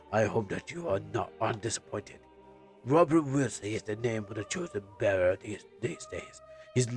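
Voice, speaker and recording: A man voicing a vengeful young nobleman who avenges his mother, reading game dialogue in a solemn, halting period style. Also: fairly low pitch, lightly acted.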